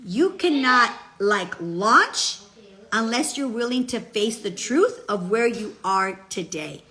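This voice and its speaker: Bright-voiced woman giving a pep talk. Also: on the high side, expressive, takes it slowly. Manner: chatty, emphatic, peppers speech with "okay?" and "guess what"; switches into Spanish phrases mid-sentence. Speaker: motivational speaker. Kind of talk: casual motivational talk.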